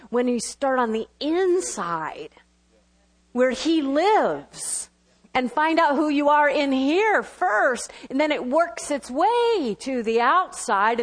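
High-voiced woman preaching a sermon. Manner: lively, laughing asides, quick bursts of speech.

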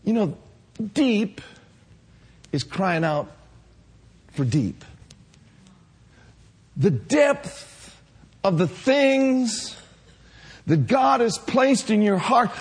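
A male pastor preaching an impassioned sermon with a hoarse voice, swinging from soft to shouting. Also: high-pitched, big pitch swings, extremely slow, long pauses.

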